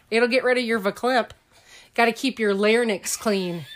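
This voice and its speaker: High-voiced Southern woman host. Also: measured pace. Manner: giggly, protesting. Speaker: podcast host. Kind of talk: casual podcast chat.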